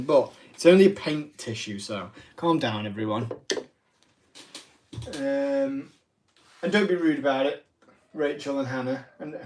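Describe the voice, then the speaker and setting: A man's voice: a little high, a little mellow, slight background noise. A man, hosting a casual live craft demo, chatty and self-deprecating with rambling asides. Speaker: craft livestream host.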